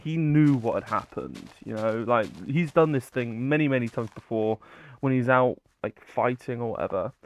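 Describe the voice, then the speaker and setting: A man casually retelling a myth, rambling with many fillers and casual swearing. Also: mid-range voice. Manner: rambling, filler-heavy, loose paraphrase. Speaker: storyteller.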